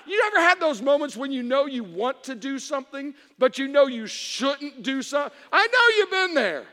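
A high-pitched man with a bright, sharp tone preaches to a congregation in a reverberant hall. He tells funny stories with big swings, dropping to a hush and then rising to shouts. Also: moderate pace, few pauses. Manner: animated, swings between hushed and shouting. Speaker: pastor. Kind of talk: humorous sermon storytelling. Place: church hall before an audience.

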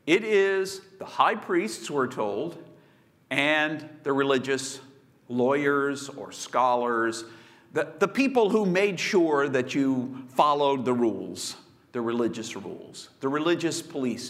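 A man preaching a sermon, telling the story with swings between loud bursts and hushed asides. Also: medium pitch, big pitch swings, slow. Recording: long hall reverb.

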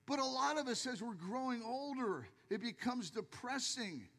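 An older male pastor preaching a sermon in a church with jokey, animated storytelling, acting out the voices of people in his stories. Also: extremely high pitch, moderate pace, long reverb tail.

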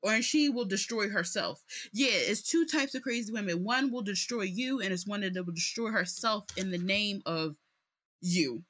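A young woman co-hosting a podcast, telling her views on a TV show in an emphatic, animated way. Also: medium pitch, moderate pace. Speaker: podcast co-host. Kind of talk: casual chat about a TV show. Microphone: podcast mic.

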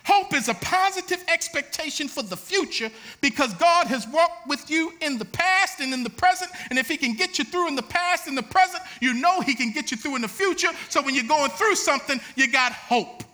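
A man preaching a sermon, swinging between shouted lines and quieter teaching. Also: very high-pitched, lively intonation, a little fast, hardly any pauses. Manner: shouting, preaching with rising intensity.

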